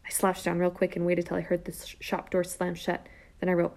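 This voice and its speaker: A woman reading a first-person children's novel aloud, lively and character-driven, with whispered asides. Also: lowish voice, a little fast. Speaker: audiobook narrator. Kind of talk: first-person storybook narration.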